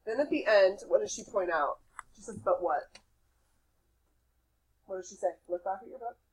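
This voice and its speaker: A woman's voice: medium pitch, moderate pace, a little mellow, husky, low-quality recording. A woman teacher questioning her class in a casual, prompting way about a passage they just read.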